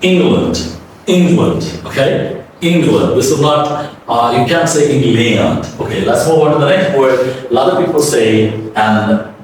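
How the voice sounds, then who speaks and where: A man's voice: mid-range voice, moderate pace, slight background noise. A man teaching English pronunciation in a step-by-step lesson, often checking in with his listeners. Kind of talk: spoken classroom lesson. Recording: roomy echo, mic at a distance.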